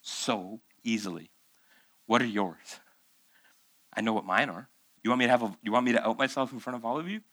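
Bright-voiced preacher, man, dry sound. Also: medium pitch, a little fast, long pauses, dry recording. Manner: conversational preaching, rhetorical questions, acts out quoted voices. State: recovering from months of illness. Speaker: pastor. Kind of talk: sermon. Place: church.

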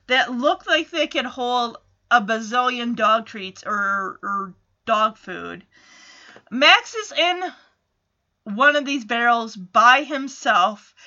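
A woman's voice: on the high side, bright, forceful tone, highs cut off. A woman chatting through a casual episode recap, with amused asides.

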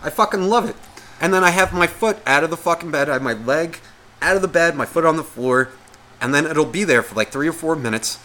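A man's voice: fairly high pitch, a little fast. A man co-hosting a podcast, ranting in a profane, comedic way and acting out the voices in his head. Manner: animated, swearing, acts out inner voices. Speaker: podcast co-host.

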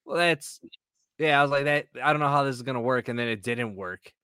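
A man's voice: mid-range voice, fairly quick, clean tone, dry recording, studio quality. A man chatting as a podcast guest, telling stories and acting out what people said. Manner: animated storyteller who acts out quoted lines. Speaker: podcast guest, comic creator. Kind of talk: casual chat.

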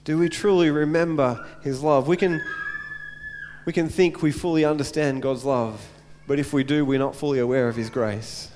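A man's voice: fairly high pitch, fairly even intonation, moderate pace, a little mellow, long reverb tail, slight background noise. A man preaching a sermon as pastor, earnest, repeating phrases and asking rhetorical questions.

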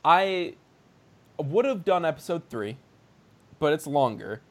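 A man co-hosting a podcast in casual chat, animated and laughing, slipping into impressions. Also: a little high, takes it slowly. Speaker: podcast co-host.

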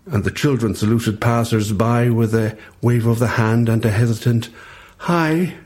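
A man's voice: medium pitch, darkish tone. A man with an Irish accent, a poet and priest, reading his comic verse with a playful, rhythmic delivery. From Ireland.

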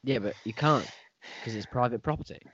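A man's voice: mid-range voice, brisk, a bit bright, husky, no room sound. Dry-witted man, dull recording. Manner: dry, teasing banter. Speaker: podcast co-host. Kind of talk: casual chat.

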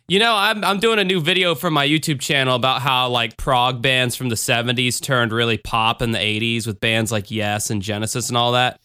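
A man's voice: medium pitch, steady tone, brisk, hardly any pauses, pushed and bright, smooth, no echo, studio quality. A man hosting a podcast in casual chat, rambling and sarcastic, with profane jokes. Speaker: podcast host.

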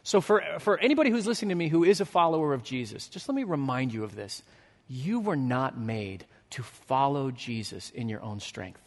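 A pastor in his thirties preaching a sermon. He tells a story with lively energy, then drops to a hushed, earnest tone. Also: medium pitch, fairly quick. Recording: long hall reverb.

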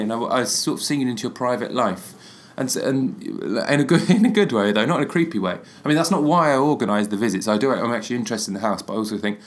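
A man's voice: mid-range voice, expressive, brisk. Rambling man in his twenties. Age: 20s. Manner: rambling, self-deprecating, jokey asides. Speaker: podcast host. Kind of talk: solo comedic podcast rambling.

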